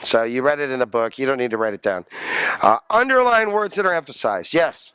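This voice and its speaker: A man's voice: mid-range voice, fairly quick, clear, resonant tone, dry recording. A man lecturing a college class, joking and quizzing his students. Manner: animated, jokey, asks the class questions.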